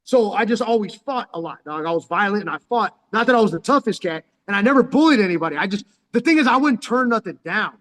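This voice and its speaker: High-voiced man rambling. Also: animated, quick pace, few pauses, fairly bright tone. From San Diego, California. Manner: profane slang, calls listener "dog" constantly. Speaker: vlogger telling life stories. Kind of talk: rambling street storytelling. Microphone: phone. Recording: long hall reverb.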